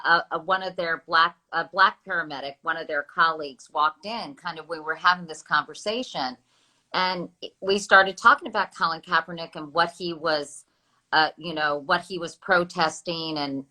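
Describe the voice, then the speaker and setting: A woman's voice: low-pitched, bright, forceful tone, rough recording. A middle-aged woman hosting a casual live video chat, speaking earnestly and thoughtfully with frequent restarts. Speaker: host.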